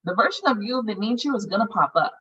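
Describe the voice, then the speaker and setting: Bright-voiced, frank woman facilitator. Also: medium pitch, lively intonation, fast talker, husky, far from the mic, muffled recording. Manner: frank and earthy, swears casually. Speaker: healing circle facilitator. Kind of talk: casual group guidance on meditation.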